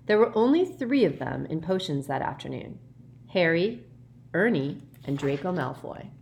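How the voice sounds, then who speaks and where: Woman narrator, low voice, measured, steady, audiobook reading. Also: vocal fry. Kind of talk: scripted narration.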